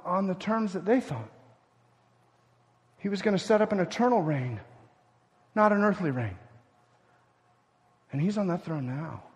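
Male pastor, slightly high voice, emphatic sermon delivery with quiet asides; long hall reverb. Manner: emphatic, swings between loud stresses and quiet asides.

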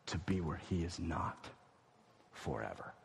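A man preaching a sermon as pastor, swinging from loud emphatic lines to hushed, near-whispered ones. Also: low voice, sing-song, measured pace, gravelly, big-room sound, slight background noise.

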